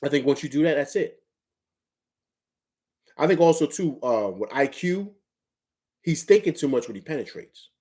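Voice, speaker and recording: A man's voice: a little high, lively intonation, moderate pace, long pauses, mellow. A man from Harlem, New York, hosting a casual live sports talk show. He talks emphatically, repeats phrases for effect and slips into a coaching tone.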